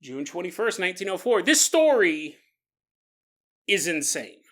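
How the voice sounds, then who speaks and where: A man's voice: high-pitched, sing-song, a little slow, a bit bright. A man hosting a podcast, telling stories in a joking way and laughing through his sentences. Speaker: podcast host. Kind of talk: comedic storytelling podcast.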